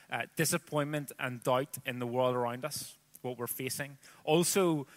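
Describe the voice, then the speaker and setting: Bright-voiced Northern Irish preacher. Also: male voice, medium pitch. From Northern Ireland. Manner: chatty storyteller, filler-heavy asides. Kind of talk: sermon with scripture reading and personal story.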